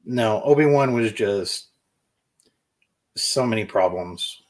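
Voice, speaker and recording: A man's voice: lowish voice, lively intonation, slow. A man giving blunt, opinionated takes in a casual chat as a co-host.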